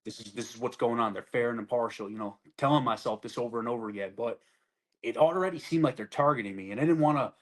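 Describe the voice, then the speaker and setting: A man's voice: mid-range voice, fast, fairly bright tone. A man in his twenties, an army sergeant, telling his story casually and bluntly, with plenty of swearing and acted-out lines from others. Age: 20s. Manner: blunt and profane, acts out other people's lines.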